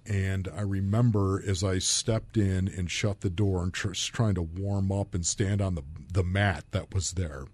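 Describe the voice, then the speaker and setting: A man's voice: deep voice, a little mellow, slightly rough. A man from Buffalo, New York, a former football player, telling personal stories as a podcast guest in an earnest and openly emotional way. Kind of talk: candid personal storytelling.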